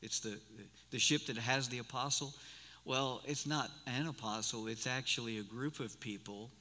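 A man's voice: mid-range voice, normal speed, pushed and bright. A man in his sixties preaching a sermon as pastor, folksy and rambling, often restarting his sentences. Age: 60s. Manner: folksy and rambling, with many repeated starts. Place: church sanctuary. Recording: live church recording with long hall reverb.

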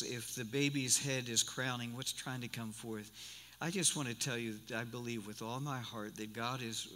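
In a church sanctuary, a man in his sixties preaches as pastor, folksy and meandering, with many repeated starts to his sentences. His medium-pitched voice is bright and forceful, captured live with a long reverb from the hall.

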